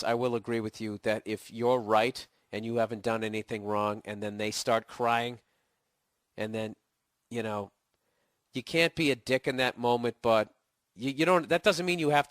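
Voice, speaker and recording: A man's voice: medium pitch, moderate pace, fairly bright tone, no room sound, studio quality. Profane, sarcastic man with a Boston accent. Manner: profane, sarcastic, mocking impressions. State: getting over a cold, voice cracking. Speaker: podcast host answering listener emails. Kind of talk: casual ranting monologue.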